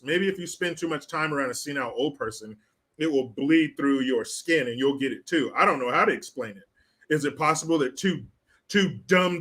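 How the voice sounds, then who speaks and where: A man's voice: a little high, bright, forceful tone. A man hosting a live stream, mocking and profane in casual commentary as he reads out viewer chat.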